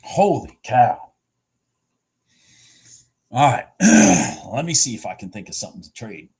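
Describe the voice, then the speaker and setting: A man giving excited live commentary on futures trades, exclaiming and repeating himself, with a husky voice. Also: on the low side, measured pace.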